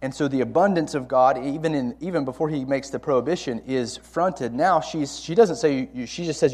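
A man's voice: medium pitch, fairly quick, few pauses, a little mellow. A man teaching a Bible lesson to a college ministry, speaking conversationally and repeating key words for emphasis.

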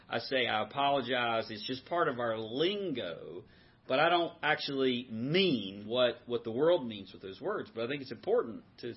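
Husky man leading a Bible study. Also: medium pitch, dull audio. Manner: asks the group questions, repeats answers. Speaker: men's Bible study leader. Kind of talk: interactive teaching.

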